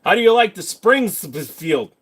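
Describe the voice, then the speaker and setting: Here the livestream host has a high, lively, slightly rough voice and a measured pace. He works through viewer questions in turn, loose and self-deprecating in tone, but precise and thorough whenever he gets into handguns, his area of expertise.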